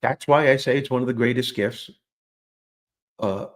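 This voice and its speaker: A man telling a funny childhood story in a relaxed interview, self-deprecating and animated, acting out the lines he quotes. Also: mid-range voice, normal speed. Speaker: guest storyteller. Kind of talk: conversational storytelling.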